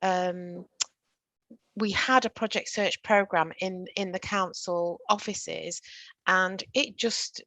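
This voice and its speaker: A woman's voice: on the low side, fairly even intonation, takes it slowly, fairly bright tone, no room sound, poor audio. A woman, a former council deputy chief executive, giving a chatty virtual training talk with fillers and self-corrections. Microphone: video call.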